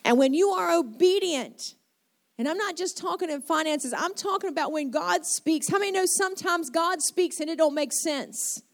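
High-voiced woman preaching a sermon. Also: moderate pace. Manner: preaching with dramatic retellings of scripture, shifting pace. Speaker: pastor. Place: church sanctuary with congregation.

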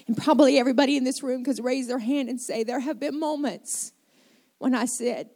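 A woman's voice: high-pitched, steady tone, a little fast, dark tone. A woman pastor preaching a sermon to her congregation, retelling scripture with dramatic shifts of pace. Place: church sanctuary with congregation.

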